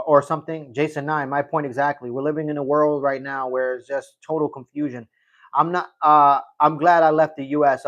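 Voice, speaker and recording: A man's voice: medium pitch, a bit bright, dull audio. A middle-aged man hosting a casual livestream, reading chat and telling a rambling story, often repeating himself.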